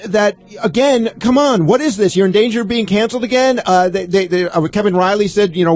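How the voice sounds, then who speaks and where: A man hosting a radio talk show from a studio, excited and rambling with many fillers. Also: high-pitched, a little fast, hardly any pauses. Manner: enthusiastic, rambling, lots of fillers. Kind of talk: casual radio chat. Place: radio studio in New York.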